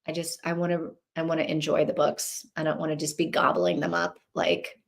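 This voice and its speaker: A woman's voice: low voice, fairly even intonation, fairly quick. A woman hosting a live reading stream, chatting casually and thinking aloud, rambling with restarts. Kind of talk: casual livestream chat.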